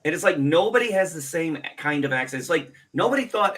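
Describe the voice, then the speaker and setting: A man's voice: a little high, lively intonation, a little fast, fairly bright tone. A man hosting a casual stream, ranting sarcastically and swearing freely. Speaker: streamer host.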